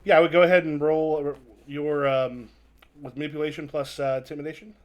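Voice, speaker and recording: A man narrating as game master, halting with fillers. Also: a little high, flat delivery. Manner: halting, filler-heavy, chuckling. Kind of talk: improvised tabletop narration.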